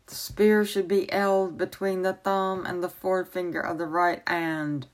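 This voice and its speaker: A woman voicing a gruff male drill sergeant who gives blunt commands. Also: on the low side, little pitch movement, a little slow, natural voice. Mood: bossy. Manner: dropped and added h's, blunt commands.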